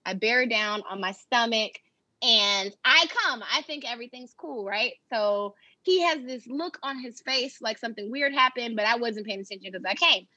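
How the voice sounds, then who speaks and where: A young adult woman hosting a podcast, telling a personal story in a candid, animated way with laughter. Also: on the high side, normal speed, no echo, dull audio. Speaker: podcast host. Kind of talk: casual storytelling chat.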